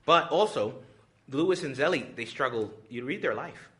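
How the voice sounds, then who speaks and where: A man, a priest, giving a retreat talk, joking and lively, often acting out little voices. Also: medium pitch, normal speed, slight background noise. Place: retreat hall with audience.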